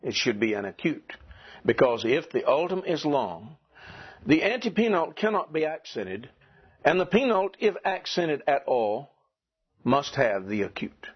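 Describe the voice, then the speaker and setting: A man's voice: a little high, big pitch swings, unhurried, breathy edge, dull audio. A man teaching Greek grammar to a class, patiently repeating the rules and asking the students questions. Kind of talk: classroom lecture.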